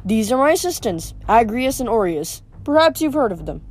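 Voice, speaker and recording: A woman reading the part of a smooth, scheming teenage boy villain in an audiobook, with a mocking manner. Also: fairly high pitch, sing-song, moderate pace, darkish tone.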